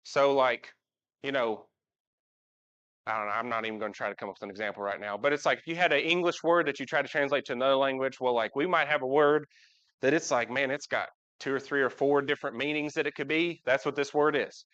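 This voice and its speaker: A man's voice: medium pitch, quick pace, fairly bright tone, clean tone, lo-fi sound. A man giving a casual, folksy sermon in a church, often asking the congregation questions. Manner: folksy, talks with the congregation, asks them questions. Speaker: preacher. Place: church sanctuary.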